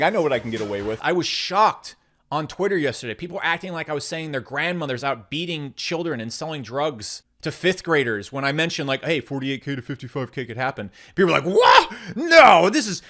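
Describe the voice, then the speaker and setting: A young man ranting to camera in a brash, mocking way, jumping between loud outbursts and low mutters. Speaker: crypto YouTuber. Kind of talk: sarcastic rant to camera.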